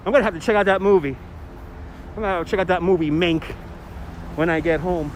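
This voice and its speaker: A man's voice: high-pitched, fairly quick, rough recording. A man hosting a live walking tour outdoors, chatting to viewers and greeting them by name, recorded on a phone on a gimbal. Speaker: tour guide and livestream host. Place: outdoors on a city bridge and promenade. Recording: loud urban traffic noise.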